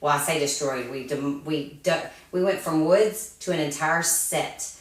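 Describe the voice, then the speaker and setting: A woman's voice: low voice, measured pace. A woman co-hosting a casual chat, talking in a chatty way with many fillers. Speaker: co-host. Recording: echoey room, distant mic.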